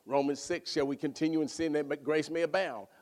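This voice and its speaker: A man preaching a sermon, swinging from loud exclaiming to hushed near-whispers. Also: a little high, steady tone, a little fast.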